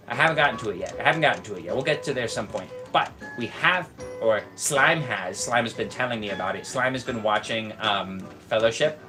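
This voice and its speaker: A man casually rambling on a stream, joking deadpan with lots of fillers. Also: mid-range voice.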